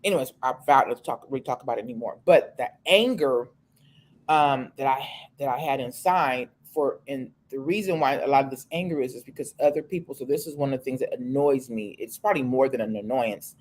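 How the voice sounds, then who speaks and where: A woman's voice: very deep voice, fast, a little mellow, a little hiss or hum. A woman co-hosting a casual talk show, speaking frankly and emphatically, often restarting her sentences. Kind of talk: casual chat.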